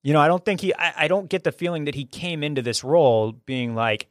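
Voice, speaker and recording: A man's voice: a little high, animated, brisk, no room sound, clean studio sound. A man hosting a casual chat about a film, talking with enthusiasm and often restarting his sentences. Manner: enthusiastic, talkative, frequent restarts. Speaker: podcast host reviewing a film.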